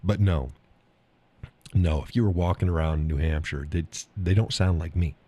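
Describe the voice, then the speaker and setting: A man's voice: deep voice, moderate pace, mellow, slightly rough. A man hosting a live stream, chatting casually about viewer comments, rambling, repeating himself and chuckling often.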